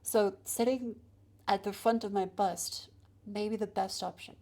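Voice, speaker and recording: A chatty woman streamer talks her way through a microphone test with a handheld mic, moving it nearer and farther from her mouth. Her voice sits at an ordinary middle pitch for a woman, and she narrates each step casually, as if to a live chat. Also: steady tone, a little slow, mellow. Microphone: handheld mic moved to different distances.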